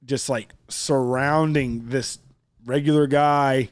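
A man's voice: medium pitch, steady tone, slow, clean tone. A man co-hosting a casual podcast chat, telling rambling stories with lots of fillers and laughing often. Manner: rambling storyteller, acts out quoted voices, laughs often. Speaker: podcast co-host.

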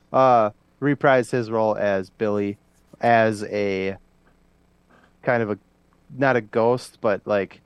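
Chatting casually as a podcast co-host, a man laughs often and trails off with lots of fillers. His voice is fairly low and smooth, and the recording is dry.

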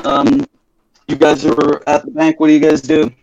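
A man's voice: fairly high pitch, little pitch movement, gravelly, a little mellow, lo-fi sound. Hesitant young man running a tabletop game. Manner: halting, many ums and self-corrections. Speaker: game master.

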